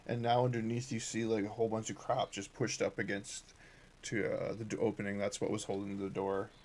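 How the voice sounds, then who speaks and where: A man running a tabletop game as dungeon master, describing scenes in a halting way full of fillers and restarts. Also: on the low side, level tone, darkish tone. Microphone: streaming setup with cameras.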